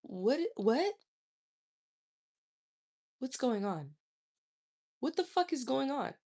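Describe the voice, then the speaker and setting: A woman's voice: high voice, very animated, a little slow, gravelly, darkish tone. A woman hosting a casual live stream, answering viewer comments in a blunt, profane, scolding way.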